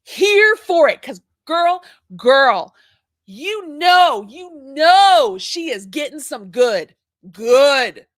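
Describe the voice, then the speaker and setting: A woman's voice: high-pitched, sing-song, drawn-out words, no echo. A middle-aged woman co-hosting a casual chat, gushing and enthusiastic, often repeating her phrases. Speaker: podcast host.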